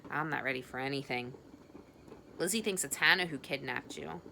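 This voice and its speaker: A woman reading the lines of a soft-spoken, reassuring teenage boy. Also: sits low, moderate pace, creaky, a little hiss or hum, exaggerated voice. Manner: soft, coaxing.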